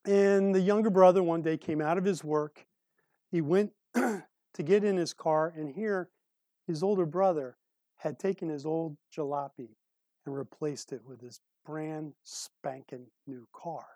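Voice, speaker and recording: A man preaching a sermon as a pastor, telling a story in a conversational way and clearing his throat now and then. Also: a little high, steady tone, a little slow, mellow, no echo. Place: church service room.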